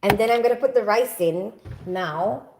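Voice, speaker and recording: A woman's voice: medium pitch, normal speed, background noise. A woman from the Philippines hosting a casual live cooking stream, chatting in a rambling way with many fillers as she cooks. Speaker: livestream cooking host. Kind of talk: casual live cooking chat, reading comments.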